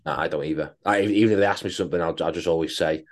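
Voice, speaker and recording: A man talks in a fairly low voice on a casual coaching podcast. He rants bluntly and swears freely. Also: rapid-fire. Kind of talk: casual chat.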